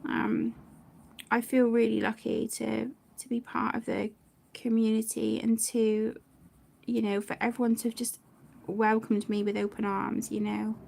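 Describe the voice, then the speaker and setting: A British woman hosts a colouring channel, chatting casually on a live stream in a soft-spoken way that often drops to a near whisper. Her voice is on the high side, level, measured and gravelly; she's warm-hearted and chatty, full of fillers and restarts.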